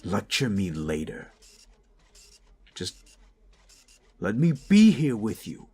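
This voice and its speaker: A man playing a gruff but caring young medical student in a romantic audio roleplay, pleading and tender. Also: lowish voice, huge pitch swings, slow pace, mellow, full character voice. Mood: relieved tender.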